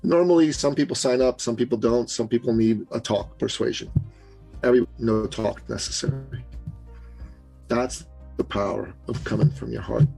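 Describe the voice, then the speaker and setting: A man from Canada, a business coach, telling an animated story as a podcast guest and acting out the voices of the people he quotes. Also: mid-range voice, normal speed, vocal fry, breathy edge, faint music behind, rough recording. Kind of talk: storytelling interview.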